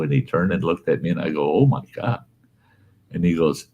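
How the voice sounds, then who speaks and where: Host, male, middle-aged, very deep voice, animated storyteller. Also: a little fast, vocal fry, slightly rough. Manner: animated storyteller, laughs through lines, quotes others in a raised voice. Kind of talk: casual storytelling chat.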